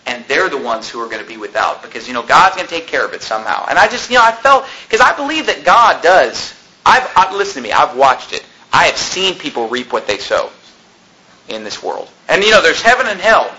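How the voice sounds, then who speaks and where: A man's voice: on the high side, very animated, fairly quick, bright, forceful tone, poor audio. A man preaching a sermon as pastor, venting with rising indignation and mixing scripture with personal stories.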